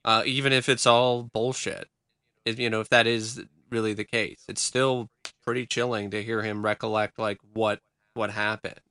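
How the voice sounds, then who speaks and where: Brief: man, casual podcast co-host, clear crisp voice, close dry mic, blunt and swearing. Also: lowish voice, flat delivery, normal speed, bright, forceful tone, dry recording. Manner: candid, swearing, many restarts.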